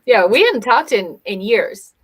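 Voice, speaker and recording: A woman in a coaching role hosts a casual livestream conversation with a fairly high voice. She tells her stories with animation, acting out other people's lines as she goes. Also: a little slow. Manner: animated storytelling, acting out quoted dialogue. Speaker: host and business coach.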